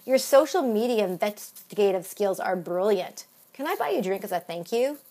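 A woman's voice: mid-range voice, animated, moderate pace, warm tone, a little hiss or hum, close to an everyday voice. A gushing valley girl, played by a woman, bubbly and dramatic. She keeps saying oh my God and dude and talks like a trend-chasing Angeleno.

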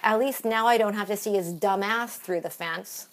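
A woman's voice: mid-range voice, normal speed, heavy background noise, lightly acted. A woman voicing a bubbly, dramatic Los Angeles valley girl who gushes and says oh my God and dude. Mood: gushing.

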